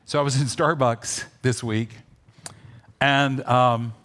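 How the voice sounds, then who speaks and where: Animated man preaching. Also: mid-range voice, slow. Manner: animated storytelling, shifts between loud urging and soft asides. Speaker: pastor. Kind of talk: sermon.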